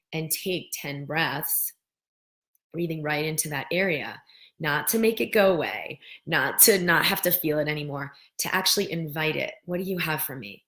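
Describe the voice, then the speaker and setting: A middle-aged woman with a low voice hosts a live wellness stream. She talks gently and guides viewers through slow breathing as she answers their comments.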